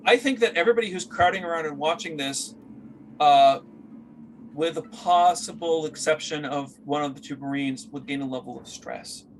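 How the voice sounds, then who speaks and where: Rambling game master, higher voice. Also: male voice, normal speed, slight background noise. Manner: rambling, searching for words with many fillers. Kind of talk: narrating a tabletop game.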